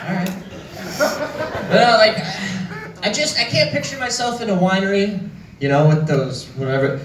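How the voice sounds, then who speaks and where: A young man doing stand-up comedy on a club stage, telling stories in an animated, profane way. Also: high-pitched, moderate pace, heavy background noise. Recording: echoey club, far from mic, loud crowd.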